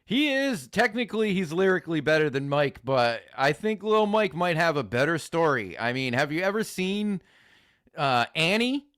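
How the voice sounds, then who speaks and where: Animated, high-voiced man reacting to videos. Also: normal speed, clear, resonant tone, dry recording, studio quality. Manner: excitable, profane, mock-enthusiastic. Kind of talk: live-stream reaction commentary.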